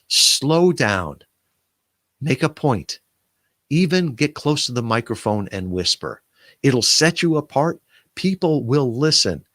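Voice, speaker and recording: Lively, emphatic man giving podcast tips. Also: mid-range voice, dry recording, clean studio sound. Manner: conversational, emphatic, lively coaching delivery. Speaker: podcast marketing host. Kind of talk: casual video tip talk to camera.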